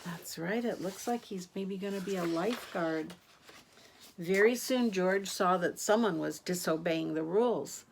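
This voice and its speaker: Brief: woman storyteller for children, unhurried read-aloud, questions to the listener. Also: lowish voice, creaky, slight background noise. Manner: gentle, asks the listener questions.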